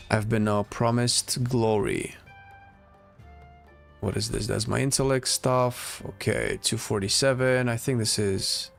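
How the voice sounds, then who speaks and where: Gravelly laid-back male streamer. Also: mid-range voice. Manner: chatty, laid-back, answers chat. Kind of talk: casual gameplay commentary. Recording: faint music under the voice. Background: faint game music.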